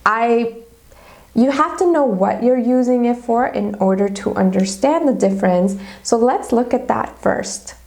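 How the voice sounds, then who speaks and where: A woman's voice: fairly high pitch, a little slow, creaky, a little mellow. A woman teacher giving a grammar lesson video, explaining methodically step by step with examples.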